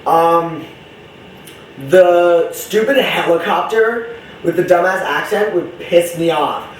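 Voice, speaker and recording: A man's voice: high voice, slow pace, distant mic, a little hiss or hum. A young man rambling in a casual vlog monologue, chatty, campy and profane, jumping between topics. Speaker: vlogger. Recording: roomy echo, voice from off-mic.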